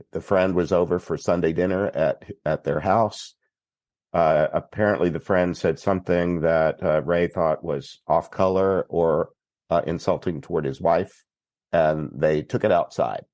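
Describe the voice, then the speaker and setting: A man from Texas, a priest guest on a podcast, telling a story in an unhurried, plainspoken way. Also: deep voice, darkish tone, no room sound. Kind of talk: recounting a story in conversation.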